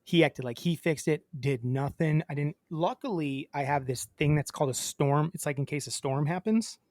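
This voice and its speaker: A man's voice: on the high side, moderate pace, darkish tone, dry recording, studio quality. A man co-hosting a podcast, chatting casually and acting out a phone call as he tells a story. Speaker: podcast co-host. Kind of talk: casual chat.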